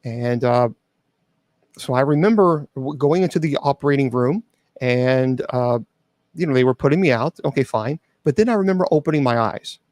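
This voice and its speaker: Middle-aged male host, earnest testimony, stops and restarts, mid-pitched, dry close mic. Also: a little mellow, no room sound. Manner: earnest, halting with restarts and fillers. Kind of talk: personal testimony to an audience.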